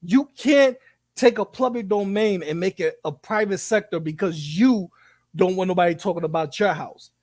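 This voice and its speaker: A man co-hosting a live commentary stream, talking in an animated, profane and rambling way, often repeating himself. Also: sits high, moderate pace, no echo.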